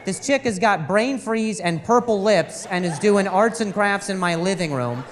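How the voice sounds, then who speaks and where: A male stand-up comedian telling an exasperated story on stage, animated and stammering over repeated words, into a handheld mic. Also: high-pitched, moderate pace, in a large hall.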